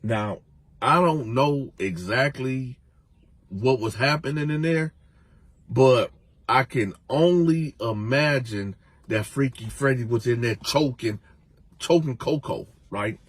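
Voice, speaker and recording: A man telling a prison story in a casual, animated way. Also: medium pitch, slow pace, slightly rough, no echo. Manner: animated, conversational.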